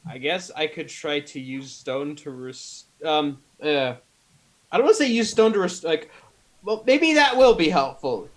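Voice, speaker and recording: A man playing at a tabletop game with a high voice that swings widely in pitch. He talks casually and wryly with the group. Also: animated, a little slow. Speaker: player.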